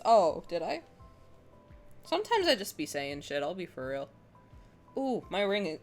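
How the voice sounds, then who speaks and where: A woman streaming a game, talking casually with her chat, swinging from loud squeals to quiet mutters. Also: mid-range voice.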